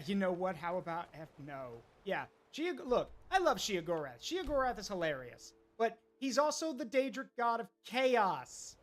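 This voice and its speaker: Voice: medium pitch, a little hiss or hum. A streamer casually commenting while playing a video game, chatting along with viewers. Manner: chatty, talks to chat and self while playing.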